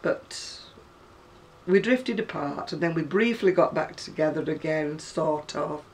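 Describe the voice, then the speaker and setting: This woman in her sixties, a craft seller from North West England, has a low voice and a measured pace, captured from a distance. In her northern English accent she chats and rambles to camera about her crafts, frequently laughing.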